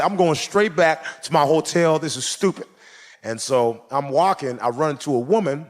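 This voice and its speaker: A man's voice: on the high side, moderate pace. A man doing stand-up, telling a story and acting out the people in it with lots of energy. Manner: animated, acting out characters in the story. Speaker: stand-up comedian. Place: comedy stage before a live audience. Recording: live club set with audience noise. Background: audience laughter and ambience.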